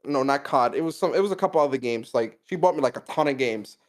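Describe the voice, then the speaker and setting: A man's voice: mid-range voice, lively intonation, fast talker. A young man co-hosting a podcast, telling a personal story in casual slangy chat, laughing often. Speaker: podcast co-host.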